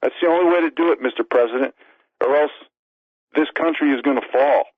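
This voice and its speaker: A man's voice: fairly high pitch, husky, no echo. Winded man in his sixties from New York City, phoning in a fervent political speech; dry, lo-fi phone sound. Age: 60s. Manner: emphatic, rapid-fire list of demands. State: out of breath. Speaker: radio show guest, author. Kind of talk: impassioned political call-in monologue. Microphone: phone call. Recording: tinny phone line.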